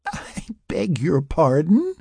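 A man's voice: wildly swooping pitch, drawn-out words, creaky, breathy edge, no room sound, clean studio sound, heavily acted. A man voicing a tipsy, giggling young woman who slurs and teases. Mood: tipsy teasing. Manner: slurred, teasing, high put-on voice.

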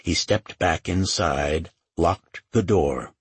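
Deep, husky male audiobook narrator. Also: slow pace, dry recording. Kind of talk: scripted narration.

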